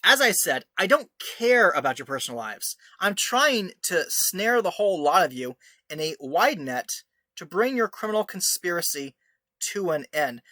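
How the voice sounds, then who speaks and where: Sneering man with a bright voice. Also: sits high, big pitch swings, moderate pace, no echo. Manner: mocking, scornful, laughs often. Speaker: online commentator. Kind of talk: sarcastic commentary over screenshots; reading his own article aloud.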